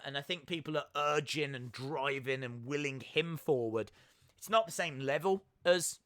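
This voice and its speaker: A young man with a fairly high, bright, tense-edged voice hosts a casual live stream. He rambles through his thoughts with many "um"s and restarts. He reads out viewer comments and thanks each one.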